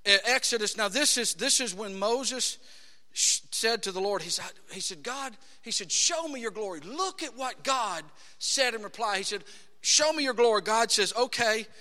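Preacher, male, high bright voice, emphatic sermon delivery, church reverb. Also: animated, normal speed. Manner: emphatic, rising to shouts, quotes scripture in acted voices. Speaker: pastor. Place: church sanctuary. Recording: long hall reverb.

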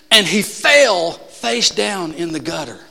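A man preaching in a church with a high, ringing voice. He swings from loud, emphatic peaks to low, quiet stretches as he tells his stories. His voice carries a long reverb from the big hall. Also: lively intonation, slow, creaky, slight background noise. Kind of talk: sermon with storytelling. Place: church sanctuary.

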